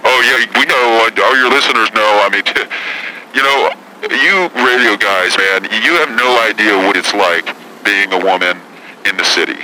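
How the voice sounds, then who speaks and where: A brash, foul-mouthed celebrity woman caller, put on by a man who rambles, curses and picks fights. The voice sits low, with a sharp, tense edge on every line. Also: moderate pace, slight background noise, poor audio. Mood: combative. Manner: profane, combative, rambling. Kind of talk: prank call impression.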